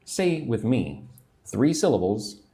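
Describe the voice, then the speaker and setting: An American man giving a livestream English lesson, repeating phrases clearly and greeting viewers by name. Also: medium pitch, big pitch swings, slow pace, dark tone. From United States. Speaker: English teacher.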